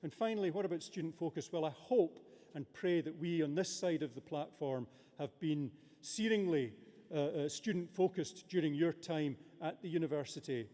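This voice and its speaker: A man's voice: a little high, moderate pace, mellow. A man presiding over a graduation ceremony, giving a formal, good-humoured address with many hesitations, speaking into a lectern microphone in a large abbey. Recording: long reverb of a large abbey.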